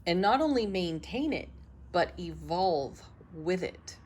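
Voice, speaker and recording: A woman reads tarot cards for her viewers in an unhurried, gently affirming voice. Her tone sits a little low, and she often stops to laugh softly between cards. A faint hum of background noise stays under her words. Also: lively intonation. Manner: slow, soothing, affirming delivery. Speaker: tarot reader, channel host. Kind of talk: tarot reading to camera.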